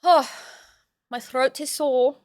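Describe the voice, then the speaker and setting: A young woman streaming a game and chatting casually with viewers, loud and playful, swinging from yelling to soft asides. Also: sits high, fairly even intonation, slow pace.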